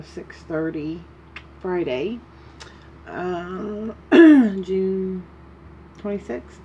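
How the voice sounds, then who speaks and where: A woman talking through a casual video diary update in a slow, rambling way with many fillers. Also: fairly low pitch, mellow. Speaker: vlogger. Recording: dull lo-fi with faint noise.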